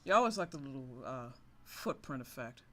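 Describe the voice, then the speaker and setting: A gamer rambling through a casual video game commentary, full of laughter and quick apologies. The voice bounces lively up and down, bright and crisp, in an easy, unscripted flow. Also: medium pitch. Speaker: let's-play gamer.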